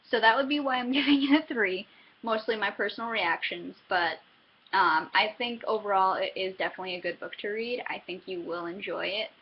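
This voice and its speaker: A woman's voice: medium pitch, a little fast, highs cut off, slight background noise. A young woman giving a casual book review, chatty and self-interrupting, often laughing between thoughts.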